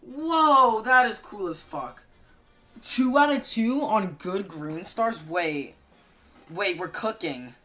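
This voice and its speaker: A woman giving casual gaming commentary, excitable, jokey and swearing a lot. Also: medium pitch, takes it slowly, soft background music. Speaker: gaming video creator.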